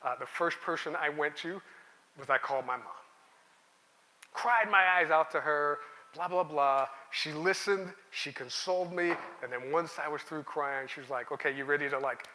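A man's voice: on the high side, moderate pace, sharp tone. A middle-aged man pastor giving a conversational sermon with stories and emphatic repetition. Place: church sanctuary. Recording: church hall with long reverb.

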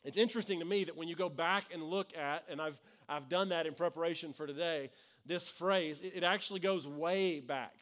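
A man's voice: on the high side, fairly quick, fairly bright tone. A man, preaching a sermon in an earnest, conversational way with frequent restarts. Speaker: pastor.

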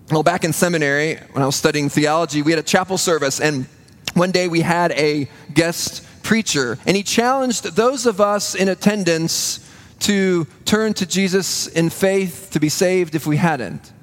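High-voiced man preaching an earnest sermon. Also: moderate pace. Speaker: pastor.

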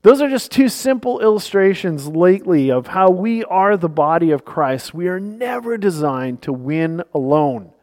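A man's voice: high-pitched, expressive, moderate pace, few pauses, darkish tone. A male pastor preaching a sermon in a church, earnest and emphatic, telling stories to make his point. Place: church sanctuary. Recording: long reverb of a church hall.

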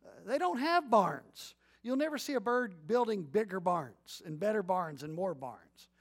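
Delivering a lively sermon, a middle-aged pastor whose male voice is notably high dramatizes small scenes in quick storytelling bursts. He eases his pace to guide his congregation through a responsive reading spoken aloud together.

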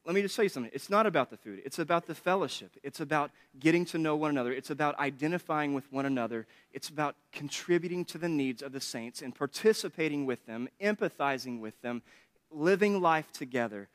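A man's voice: a little high, expressive, fast talker. A man preaching a sermon in a chatty, joking way, laughing often between points. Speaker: pastor. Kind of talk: conversational sermon with humor.

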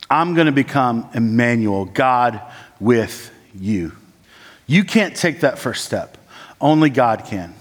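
Filling his sermon with frequent "uh" and "like," a man who is a church planting resident alternates between urgent, raised delivery and slow, quiet, low passages. Long reverb from a church hall colors the audio.

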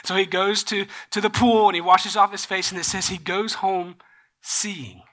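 Bright-voiced pastor telling a story. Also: mid-range voice, normal speed. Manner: animated storyteller, slangy asides and self-laughing. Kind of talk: sermon with retold Bible story.

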